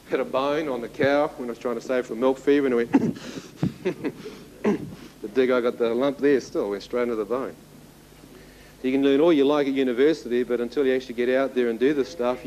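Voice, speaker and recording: A man's voice: medium pitch, steady tone, fast talker, darkish tone, a little hiss or hum, low-quality recording. A man in his thirties giving a spoken testimony to an audience, telling his story vividly and turning to the listeners with asides. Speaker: testimony speaker.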